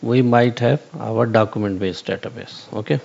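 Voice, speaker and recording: A man's voice: on the low side, steady tone, moderate pace, vocal fry, darkish tone, breathy edge, dull audio. Hesitant man explaining at a whiteboard. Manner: hesitant, many fillers and restarts, repeats "okay". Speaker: channel host explaining AI concepts. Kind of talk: whiteboard tutorial, unscripted.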